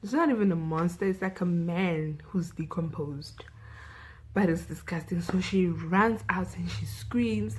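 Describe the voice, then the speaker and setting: A woman's voice: lowish voice, measured pace, slight background noise, low-quality recording. A young South African woman vlogger recapping a film in a chatty way, saying "like" and "you know" a lot.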